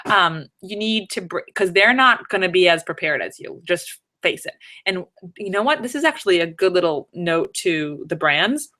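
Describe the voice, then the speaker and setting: A woman's voice: lowish voice, expressive, moderate pace, bright, forceful tone. A woman in her thirties chatting casually to her viewers from home, rambling through tips with joking asides. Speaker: vlogger giving conference tips. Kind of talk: casual live-stream chat. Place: home, third floor room.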